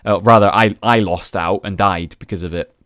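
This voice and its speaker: A young man talks through his match in casual, chatty commentary, swearing now and then. His voice sits low, and the recording is dry and close with no room sound. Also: steady tone, normal speed, fairly bright tone, no room sound. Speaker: gaming video host.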